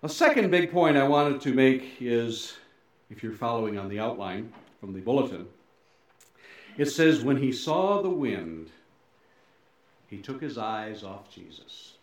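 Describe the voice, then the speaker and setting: A middle-aged male pastor giving a sermon, swinging between loud emphasis and soft, low endings, with folksy, self-deprecating asides. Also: sing-song, measured pace. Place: church sanctuary. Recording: very echoey church hall.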